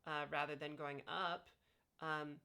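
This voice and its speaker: Woman vlogger, low-pitched with a gravelly fry, relaxed how-to talk full of fillers and sound demos. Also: measured pace. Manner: explains by demonstrating vowel sounds, many fillers. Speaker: vlogger sharing voice training tips. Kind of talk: casual instructional talk. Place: lying on her back.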